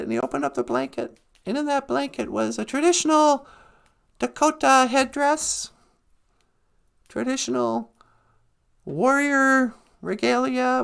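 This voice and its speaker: A male podcast host spins a long joke in a rambling, playful way. His voice sits high for a man and has a gravelly rasp. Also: fairly bright tone. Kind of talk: joke storytelling.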